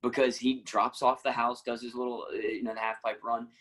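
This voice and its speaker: A man with a husky, slightly rough voice spins a long, animated story as a guest. He acts out the lines of the people he quotes and breaks into laughter often. His tone stays relaxed and conversational. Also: medium pitch, fairly quick, poor audio. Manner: animated anecdotes, acting out quotes, frequent laughs. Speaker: actor and musician, guest. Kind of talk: casual storytelling.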